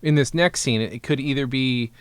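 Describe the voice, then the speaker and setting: A man hosting a podcast, reviewing old sketches in a rambling, musing way that often trails off quietly. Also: mid-range voice, brisk, clean tone, dry recording. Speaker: podcast host. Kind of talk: casual podcast commentary.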